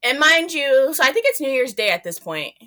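Woman interview guest, bright tone, lively storyteller who acts out her own quotes. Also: sits high, fairly quick. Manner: animated, reenacts her own past remarks in a raised voice. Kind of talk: personal storytelling.

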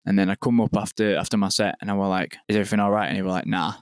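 A man's voice: on the low side, level tone, very fast, clear, resonant tone, no room sound, clean studio sound. A young man, telling a story in casual podcast chat, rambling and sweary with lots of "like". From England. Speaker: podcast guest, venue owner.

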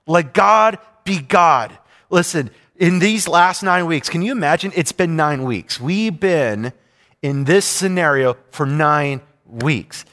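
A man's voice: high voice, fairly bright tone. A middle-aged male pastor preaching a sermon with emphatic, repetitive phrasing. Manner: emphatic, repetitive preaching with rising and falling intensity. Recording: long hall reverb.

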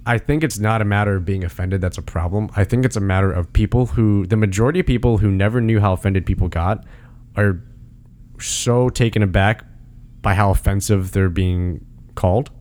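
Low-voiced man arguing his point. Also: brisk, darkish tone. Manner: argumentative, emphatic, pitch jumps when making a point. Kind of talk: casual opinion chat.

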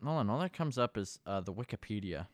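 A man's voice: on the low side, animated, fast, no echo. A man in casual chat who makes sarcastic, absurd jokes and swears a lot.

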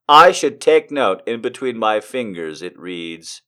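A man's voice: on the low side, very animated, measured pace, hardly any pauses, a bit bright. A man reading an erotic story aloud for laughs, mock-dramatic, breaking off into swearing and laughing asides. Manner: mock-dramatic, swinging from whispers to shrieking, frequent laughter and swearing.

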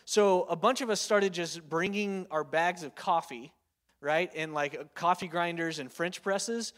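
Preacher in his thirties, high voice, casual storytelling sermon, long hall reverb. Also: unhurried, fairly bright tone. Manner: chatty, storytelling, lots of filler words and tag questions.

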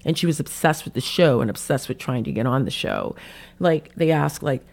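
A woman hosting a podcast, recapping a reality show in casual, animated chat and dropping "like" often. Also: rumbling low, vocal fry. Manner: chatty and animated, heavy use of "like"; puts on quick voices when quoting people. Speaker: podcast host.

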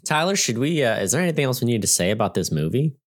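A man's voice: medium pitch, very animated, racing. A man co-hosting a movie podcast, chatting in a laid-back, teasing way. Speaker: podcast co-host. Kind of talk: casual comedic chat.

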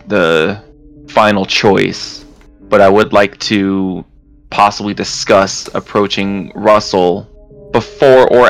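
A man playing his character in a tabletop game, speaking deliberately and earnestly. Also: fairly low pitch, vocal fry, fairly bright tone. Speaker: player. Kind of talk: tabletop role-play.

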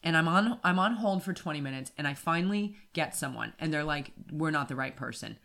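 Woman co-host on a chatty podcast, animated rant, loud bits when she mimics herself. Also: sits low, a little fast, creaky. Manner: animated ranting, acts out her own shouting. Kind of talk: casual podcast storytelling. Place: apartment in Wimbledon.

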